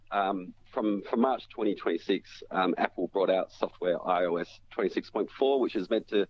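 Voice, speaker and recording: A man explaining phone technology on a radio show, step by step, with frequent fillers and restarts. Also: on the low side. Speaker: tech commentator. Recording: dull lo-fi radio audio with faint hiss.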